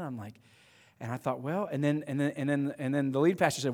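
A man's voice: a little high, fast, long reverb tail. A man preaching a sermon as pastor, praying and then telling a story in a conversational way with frequent restarts.

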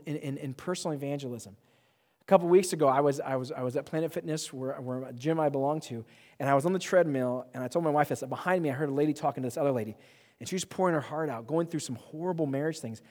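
A young man preaching a sermon, animated and joking, with self-mocking asides. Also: on the high side, in a large hall. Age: young adult. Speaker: pastor.

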